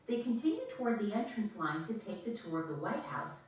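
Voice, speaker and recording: Expressive female storyteller, lively pitch, distant mic. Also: brisk. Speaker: author reading her book. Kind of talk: children's story reading. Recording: echoey room, mic far off.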